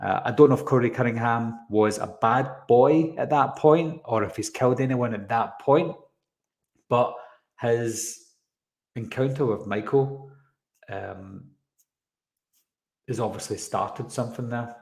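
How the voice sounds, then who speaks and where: The same kind of trailer-breakdown stream features a man with a creaky, slightly mellow mid-range voice, speaking at a measured pace with long pauses. He chats casually, rambles off on tangents and replies to chat comments, with echoey room sound around him.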